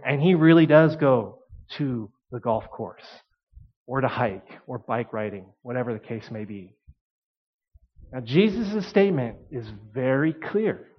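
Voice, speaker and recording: High-voiced preacher acting out a parable. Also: male voice, muffled recording. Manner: storytelling, acts out quoted voices. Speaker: pastor. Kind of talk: sermon.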